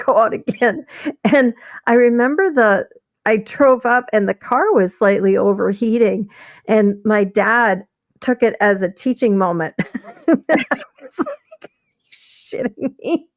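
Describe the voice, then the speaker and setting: A woman's voice: medium pitch, no echo. A middle-aged woman from the American Midwest, telling rambling stories with laughs and restarts as co-host of a casual stream. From Wisconsin. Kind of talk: casual storytelling chat.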